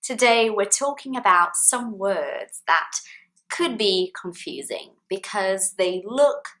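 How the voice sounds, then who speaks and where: A woman gives an English lesson straight to camera, speaking slowly and deliberately. Her voice sits at an ordinary middle pitch. She acts out little example sentences in a playful way. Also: expressive, a bit bright. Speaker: English teacher.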